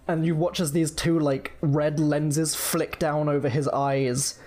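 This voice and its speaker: A man's voice: a little high, flat delivery, slow, hardly any pauses, darkish tone. A man narrating as game master in a casual, filler-heavy way.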